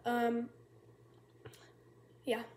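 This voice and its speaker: A woman's voice: fairly high pitch, monotone, very slow. A woman casually talking through a cooking tutorial at home, chatty and self-mocking, thinking aloud as she goes. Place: home kitchen. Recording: kitchen fan noise behind. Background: loud kitchen fan.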